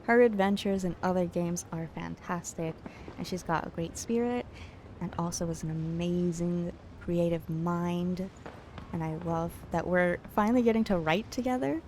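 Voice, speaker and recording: A woman streaming a game late at night, chatting casually and playfully with her viewers, teasing and giggling and sometimes dropping to a hush. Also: on the low side, fairly even intonation, moderate pace, slight background noise. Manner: drops to a hushed late-night voice at times. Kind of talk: casual chat with live viewers.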